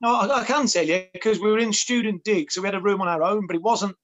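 Quick, high-voiced man. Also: muffled recording, crowd noise. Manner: chatty, rambling with restarts and fillers. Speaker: guest, former footballer. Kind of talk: casual chat.

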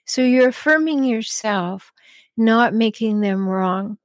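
Calm woman podcast host, dry sound. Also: on the high side, slow pace, no echo. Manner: calm, chatty, frequent ums and small laughs. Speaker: podcast host answering listener questions. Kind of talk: advice talk show.

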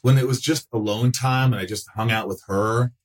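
A man in his fifties, a guest on a chat show, telling stories in a lively way, acting out quoted voices and swearing freely. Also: mid-range voice, normal speed. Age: 50s. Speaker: actor and podcast guest. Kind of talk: casual interview chat.

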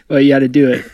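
A man's voice: medium pitch, dry recording, dull audio. A young man in casual chat as a co-host, upbeat and joking, with a theatrical streak.

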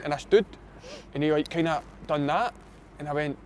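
Blunt Scottish footballer telling a story. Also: male voice, fairly high pitch, brisk, slight background noise. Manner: blunt, swearing, animated storytelling. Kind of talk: casual chat.

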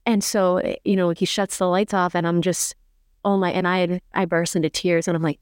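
A woman guest recounts a personal story in an urgent, fast-moving way, acting out what was said along the way. Her voice sits on the lower side and sounds smooth and clear. The sound is dry, with no room around it. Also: steady tone, no echo. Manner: fast, urgent retelling, quoting herself and others vividly. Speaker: podcast guest. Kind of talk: emotional personal story in conversation.

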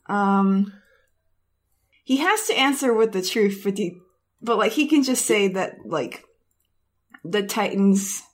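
A woman playing a tabletop role-playing game, thinking her answers out loud and laughing easily. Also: mid-range voice, animated, slow, pauses often. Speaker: player. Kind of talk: casual tabletop game play.

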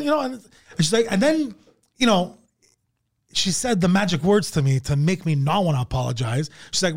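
A man's voice: expressive, brisk. A male comedian telling a story on a podcast in casual chat, swearing constantly and acting out quoted dialogue. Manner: acts out quoted dialogue with big pitch jumps. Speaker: comedian guest.

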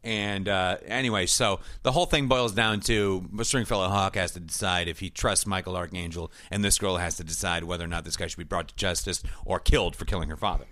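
A man's voice: sits low, brisk, hardly any pauses, dry recording. A man in his forties co-hosting a podcast, casually retelling a TV episode with laughter and quoted voices. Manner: animated, laughing, acts out quotes in funny voices. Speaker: podcast co-host. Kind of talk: casual chat recapping a TV episode.

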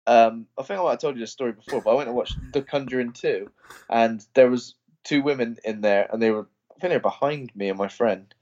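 A man co-hosting a casual film podcast, telling stories and breaking into shrill impressions. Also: quick pace, a little mellow, dull audio. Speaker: podcast co-host. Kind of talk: casual film review chat.

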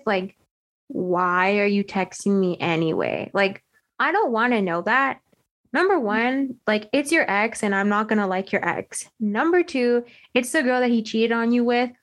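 A young woman co-hosting a podcast, telling a story in an animated, slangy way with lots of "like" into a desk microphone. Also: on the high side. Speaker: podcast co-host. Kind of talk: casual chat.

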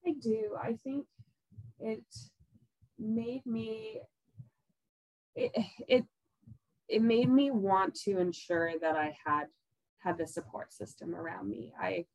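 A woman speaking as a podcast guest in relaxed conversation. She laughs easily and trails off with "um" and "you know" as she talks. The recording is close and dry, with no room sound. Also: mid-range voice, slow pace, pauses often, no echo, low-quality recording. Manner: laughs often, trails off with fillers. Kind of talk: casual conversation.

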